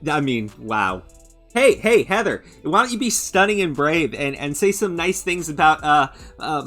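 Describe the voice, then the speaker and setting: A man's voice: medium pitch, a bit bright. A man hosting a commentary channel, ranting in a sarcastic, mocking and profane way, stumbling over restarts and fillers. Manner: halting restarts and stammered fillers. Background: faint background music.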